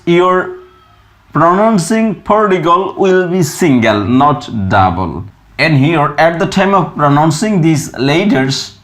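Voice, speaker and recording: Male phonetics teacher, fairly high voice, very slow, deliberate delivery. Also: a bit bright. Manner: drawn-out, deliberate, models sounds by repeating them. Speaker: English pronunciation teacher. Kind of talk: slow instructional explanation.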